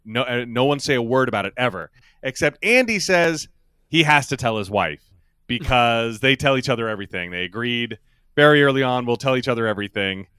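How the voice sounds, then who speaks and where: A man's voice: medium pitch, animated, brisk, bright, forceful tone, clear, resonant tone, dry recording, clean studio sound. A man co-hosting a podcast, recapping an episode in casual chat, rambling through asides and laughing often. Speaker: podcast co-host.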